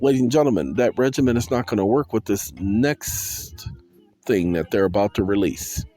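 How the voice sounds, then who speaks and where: A man giving a casual, animated monologue to his viewers, calling out to them and slipping into sing-song bursts, with soul music playing behind him. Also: fairly low pitch, moderate pace. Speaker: vlogger.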